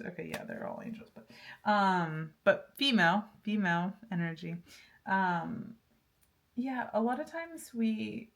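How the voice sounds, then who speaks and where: A woman's voice: fairly low pitch, creaky. A woman giving a casual pick-a-card tarot reading, chatty and laughing often, with lots of fillers and restarts. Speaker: tarot reader.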